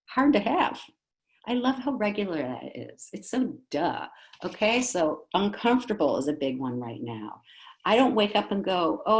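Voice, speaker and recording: A middle-aged woman, a speech pathologist, giving an upbeat, chatty conference talk to parents and educators and acting out little quotes. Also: on the low side. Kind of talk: conference presentation. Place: school district virtual conference.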